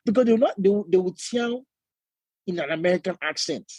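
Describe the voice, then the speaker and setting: A young man with a Nigerian accent, co-hosting a podcast in casual chat, animated and often acting out other voices with laughter. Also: high voice, fast, dry recording. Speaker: podcast co-host.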